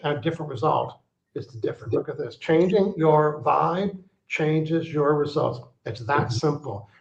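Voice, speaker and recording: A man's voice: fairly high pitch, vocal fry. A man speaking as an interview guest, teaching with emphasis and repeating his key phrases like a coach. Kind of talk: interview conversation. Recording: roomy, dull lo-fi sound.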